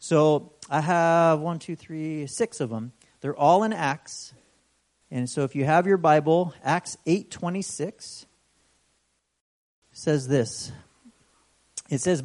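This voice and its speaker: A man with a high voice preaches in a relaxed, conversational way. He keeps checking in with the listeners and bursts into animated voices when he retells a story. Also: moderate pace. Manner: conversational, often asks "right?". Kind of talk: sermon.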